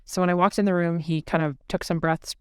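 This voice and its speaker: Low-voiced woman host telling a story. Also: brisk, clear, resonant tone, no room sound, studio quality. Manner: earnest, animated retelling with quoted speech. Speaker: podcast host. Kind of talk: casual storytelling conversation.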